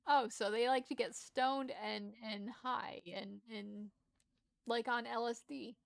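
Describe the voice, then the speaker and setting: A woman from Rhode Island, her accent mixed with Southern notes and marked by a lisp, talks slowly through a game stream in a high, creaky voice with fairly even intonation. She rambles, jokes at her own expense, and often starts over, captured in clean studio sound without room noise.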